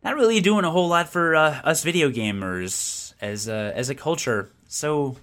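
His voice sits a little high and moves at a normal speed as he co-hosts a gaming podcast. The chat is casual and opinionated, delivered animatedly and full of restarts.

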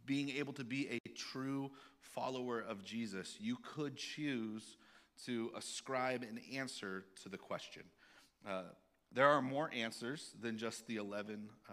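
A male pastor giving a sermon in a candid, halting way, with many fillers and restarts. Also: fairly low pitch, a bit bright.

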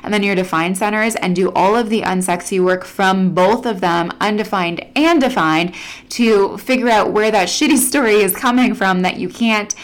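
Animated woman podcast host. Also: mid-range voice. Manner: animated, laughs often, acts out quoted inner voices. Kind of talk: casual solo podcast talk.

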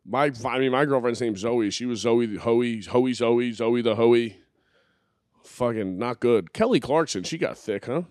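A man's voice: mid-range voice, measured pace, darkish tone, no room sound, studio quality. A young man hosting a podcast from his living room, rambling and joking crudely in casual banter. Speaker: podcast host.

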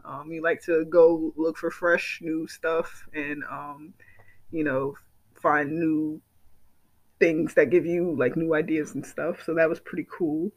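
Podcast host, male, high-pitched, excitable, gushy, repetitive, swears casually. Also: takes it slowly, poor audio. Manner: excitable, gushing, repeats himself, swears. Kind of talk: casual solo podcast chat.

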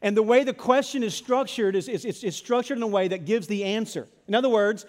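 A man with a high, light voice delivers a sermon, retelling a story with lively acted-out lines and playful repetition. His voice rings with a long reverb, as if heard in a large hall. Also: a little fast. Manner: animated storytelling, acts out biblical dialogue with repeated phrases. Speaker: pastor.

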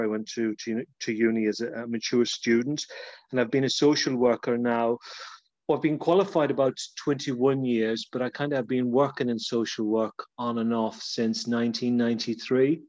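An Irish man in his fifties talks as a guest on a podcast, hesitating often and restarting his sentences. His voice sits at an ordinary middle pitch. The sound is dull and lo-fi, with no room echo. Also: steady tone, normal speed. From Ireland. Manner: hesitant, many fillers and restarts. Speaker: guest, social worker. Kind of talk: casual podcast interview.

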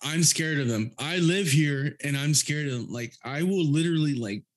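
A man's voice: a little high, moderate pace. A man guesting on a podcast, talking in a laid-back, casual way and swearing freely. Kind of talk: casual chat.

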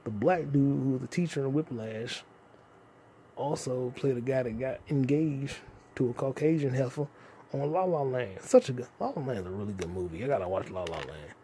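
A young man talking alone into his podcast mic, loose and rambling and full of swearing. His voice is mellow and dark, with a little faint noise underneath. Now and then he breaks into sudden loud, animated outbursts. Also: mid-range voice, normal speed. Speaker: podcast host. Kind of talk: solo casual podcast rant.

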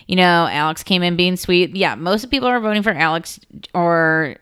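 A woman's voice: on the low side, fairly quick, fairly bright tone, clean tone, dry recording, studio quality. A woman co-hosting a casual recap podcast, chatting and acting out quotes. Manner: chatty, acts out quotes with voices. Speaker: podcast co-host.

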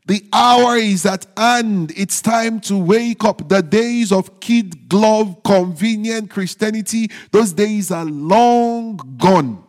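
A male pastor preaching a sermon, stressing phrases slowly and dropping into low, quiet teasing asides to the congregation. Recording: long hall reverb.

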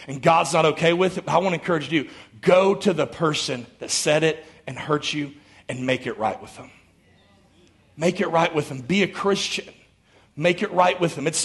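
A man preaches from the pulpit, his voice riding high and edged with a gravelly fry. He talks with emphatic force and keeps pulling the congregation in with questions and calls for an amen, as a sermon in a church. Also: fairly bright tone. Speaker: pastor. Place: church sanctuary before a congregation.

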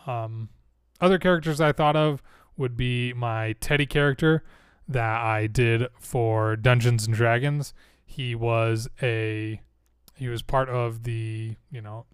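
A man chatting casually and thinking aloud, rambling and cutting himself off mid-sentence. His mouth is dry and his nose a bit congested, though his mid-pitched voice stays smooth and clear. The sound is dry and close, with no room around it. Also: dry recording. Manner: rambling, self-interrupting, musing aloud. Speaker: streamer planning role-play characters. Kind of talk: casual chat.

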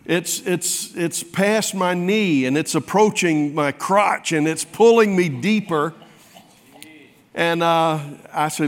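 A man's voice: on the high side, takes it slowly. A man preaching a sermon, telling a folksy, self-mocking story to his congregation. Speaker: pastor. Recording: long hall reverb.

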